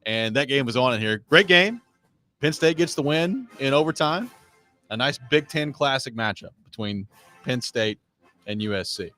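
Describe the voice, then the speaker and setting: A man hosting a sports talk show, telling a story in a casual, animated way with laughing asides. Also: medium pitch, moderate pace, soft background music. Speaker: sports radio host.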